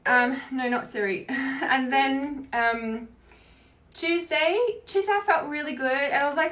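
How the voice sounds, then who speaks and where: A woman's voice: sits high, unhurried, a bit bright. A woman who is a spiritual coach, talking casually on a livestream in a rambling way, with many fillers and free swearing.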